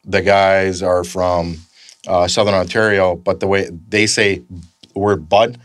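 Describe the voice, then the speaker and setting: A man's voice: low voice, little pitch movement, a little slow, no room sound, studio quality. A Canadian man telling rambling work stories in a casual chat, swearing freely as he goes. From northern Canada. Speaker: guest, stuntman.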